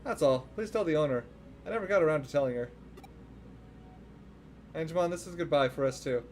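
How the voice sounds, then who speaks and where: A man voicing a young male hacker in a video game, calmly reading resigned, apologetic lines. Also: a little high, a little fast, a little hiss or hum, lightly acted.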